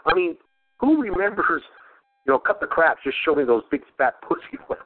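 A man tells rambling, profane family stories, laughing through them. His voice sits fairly high and swoops up and down a great deal. The sound is thin and narrow, as if heard over a telephone line. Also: big pitch swings, moderate pace, no room sound. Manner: profane, laughs often while telling stories. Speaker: podcast host. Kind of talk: casual storytelling chat.

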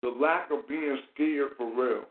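Animated man, tinny echoey sound. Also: mid-range voice, measured pace. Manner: animated, profane, rhetorical questions. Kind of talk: casual commentary chat.

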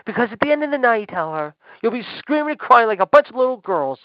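A man co-hosting a wrestling podcast, loud and crude, taunting and ranting in trash-talk style. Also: very high-pitched, very animated, fast, few pauses, no echo. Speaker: podcast co-host. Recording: dull lo-fi dry sound.

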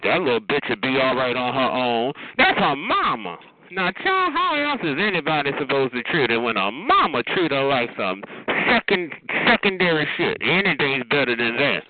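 A man's voice: medium pitch, wildly swooping pitch, moderate pace, hardly any pauses, a little hiss or hum. Sassy man ranting on a tinny line. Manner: sassy, scolding, profane, calls listeners honey and child. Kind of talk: comedic rant. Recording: tinny phone-like radio audio.

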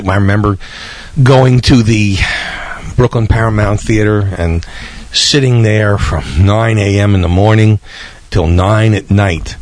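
A man's voice: on the low side, no echo. A man, hosting a podcast in a rambling, chatty way with small laughs. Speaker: podcast host. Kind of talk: casual radio-style podcast hosting.

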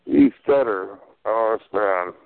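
Gravelly man taunting over a phone line. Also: fairly low pitch, normal speed. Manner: taunting, crude, name-calling. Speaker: chat line caller. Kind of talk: trolling phone chat. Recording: tinny dry phone line.

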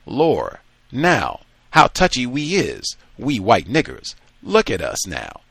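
A man's voice: medium pitch, sing-song, takes it slowly, a bit bright, dry recording, pitched above the performer's own voice, full character voice. A man reading aloud and voicing a coarse, teasing enslaved man who mocks another in a drawling dialect. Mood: mocking. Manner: jeering, mock-dialect drawl.

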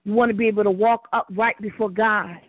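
A woman's voice: mid-range voice, fairly even intonation, fairly quick, no echo. A woman preaching and praying fervently, rising into impassioned pleading. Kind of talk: preached prayer broadcast. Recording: tinny phone line.

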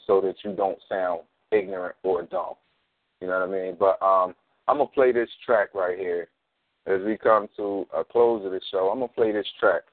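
Deep-voiced Philly radio host on a phone line. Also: male voice, no echo. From North Philadelphia. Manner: relaxed, keeps asking "you know what I mean?". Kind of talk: casual radio talk. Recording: dry phone-line sound.

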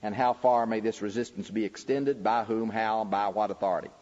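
A man's voice: fairly even intonation, fairly quick, a little mellow. Guy preaching a lecture, punches up key words, dull muffled recording. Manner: emphatic, pitch rising sharply on key words. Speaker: preacher teaching a lecture series. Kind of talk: sermon-style lecture. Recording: dull recording with long hall reverb.

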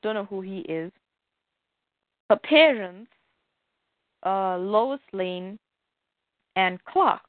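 Slow, exasperated woman on a tinny line. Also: mid-range voice, animated, no room sound. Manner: exasperated, counts aloud, mimics characters mockingly. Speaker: podcast co-host. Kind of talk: casual comic book discussion. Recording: dry tinny phone-like sound.

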